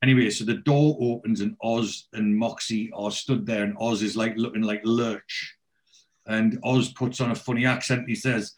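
A man's voice: on the low side, steady tone, normal speed. A man in casual chat, retelling a TV episode scene by scene and lightly acting out the characters' lines.

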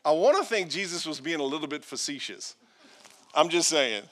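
A man's voice: on the high side, lively intonation, moderate pace, fairly bright tone. A male pastor preaching a sermon, reading scripture aloud with playful asides and acted-out quotes.

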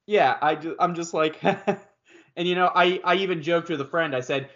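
A voice actor chatting on a podcast, animated and profane, breaking into laughter often. His voice sits a little high. The recording is dull and lo-fi. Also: moderate pace. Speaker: voice actor guest. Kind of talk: casual podcast chat.

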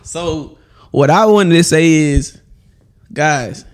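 A man's voice: on the high side, slow pace. A man co-hosting a podcast in casual chat, laid-back and candid, hedging with fillers. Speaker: podcast co-host.

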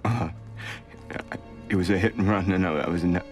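A man's voice: low-pitched, steady tone, fairly quick, soft background music, natural voice. An actor playing a guilt-ridden man who stammers out a confession, in a film clip. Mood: desperate. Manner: stammering, shaken. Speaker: film character.

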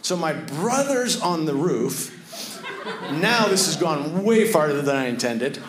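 A man giving a sermon. He tells a lively personal story, then drops to hushed, earnest tones. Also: a little high, measured pace, crowd noise. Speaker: pastor. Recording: echoey room.

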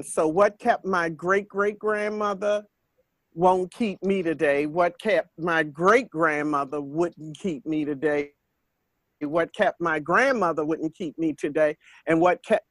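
A woman's voice: on the low side, dry recording. An older woman hosting a faith podcast, speaking in an earnest, repetitive preaching cadence. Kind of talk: spiritual talk monologue.

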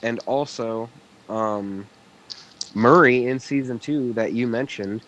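A man's voice: medium pitch, slow, fairly bright tone, rough recording. A man in a casual podcast chat, explaining things at length and with care for detail.

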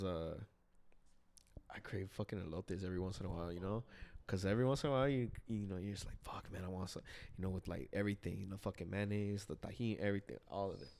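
Laid-back, cussing young man telling stories. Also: fairly low pitch. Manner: laid-back, swears a lot, animated storytelling. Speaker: vlogger visiting old friends. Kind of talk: casual chat.

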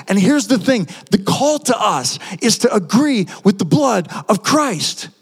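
A male pastor preaching a sermon, animated, asking the audience rhetorical questions. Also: high voice, measured pace, breathy edge. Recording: long hall reverb.

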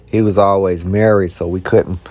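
Low-pitched and a little mellow, this podcast host keeps a steady tone and moderate pace with no echo. In a casual storytelling monologue he wanders through personal anecdotes, slangy and profane, full of repeated words and restarts.

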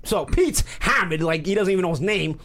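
A man, telling a profane, animated story as podcast co-host and acting out quotes. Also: high-pitched, fairly quick. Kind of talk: casual storytelling.

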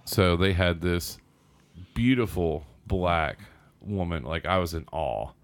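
A man's voice: sits low, takes it slowly. A man from Southern Indiana telling a rambling personal story in casual podcast chat. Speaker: guest storyteller.

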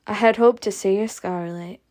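A woman voicing a calm, kindly Southern gentleman near seventy, soft and reassuring in manner. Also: mid-range voice, normal speed, lightly acted.

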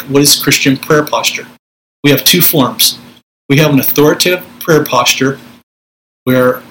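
A man's voice: mid-range voice, a bit bright, slight background noise, rough recording. A middle-aged man, a Pentecostal minister, teaching spiritual warfare in a conversational preaching style, acting out prayers in a commanding voice.

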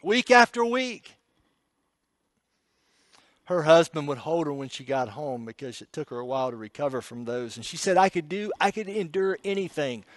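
Male preacher, fairly high voice, dry close sound, emotional storytelling that swings from hushed to loud. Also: sing-song, moderate pace, dry recording. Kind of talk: sermon storytelling.

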